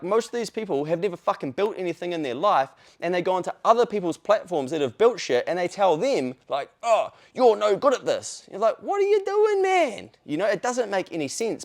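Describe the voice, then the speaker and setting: A man hosting a podcast, ranting in a casual, blunt, profane way. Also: a little high. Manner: blunt and profane, with animated quoted voices. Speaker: podcast host. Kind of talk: casual opinion rant.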